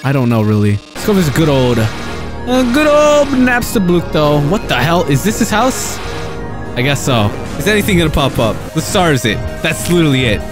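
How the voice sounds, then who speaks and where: An excitable young man commentates a game live, his slightly high voice leaping all over the place as he yelps at the game. Loud game music plays behind him. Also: fairly quick. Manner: excitable, yelps and laughs often. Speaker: streamer.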